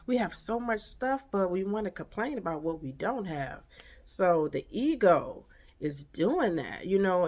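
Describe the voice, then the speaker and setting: A woman's voice: fairly low pitch, darkish tone. A woman giving a casual spiritual pep talk to camera, emphatic and preachy, full of rhetorical questions. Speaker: motivational vlogger.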